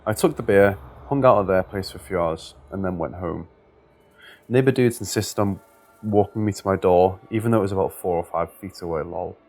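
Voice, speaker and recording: Low-voiced man narrating scary stories. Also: fairly quick, a little mellow. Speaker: story narrator.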